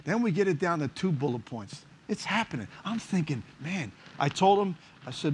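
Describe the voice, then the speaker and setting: A middle-aged man, a pastor, preaching a sermon and telling stories with lively acted-out dialogue. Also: fairly high pitch, fairly quick, few pauses, slight background noise. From United States. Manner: animated storyteller, acts out quoted dialogue. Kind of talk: sermon storytelling.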